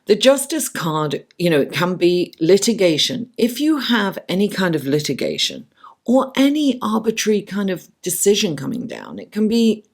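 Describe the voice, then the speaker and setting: A woman's voice: mid-range voice, sing-song, normal speed. A woman doing a chatty, affectionate tarot reading late at night, her voice worn and fading. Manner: chatty, affectionate, talks to the cards. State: losing her voice from the late hour. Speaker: tarot reader.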